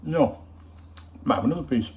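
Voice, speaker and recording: A man's voice: medium pitch, animated, moderate pace, noisy background. A man hosting a casual football vlog at home, chatty, joking and swearing freely as he rambles to viewers. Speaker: football channel host.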